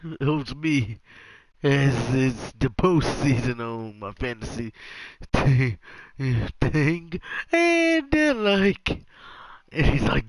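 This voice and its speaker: A man giving casual, jokey commentary over a football video game, acting out the players in quick asides. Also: medium pitch, lively intonation, dry recording, poor audio. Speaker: gaming commentator.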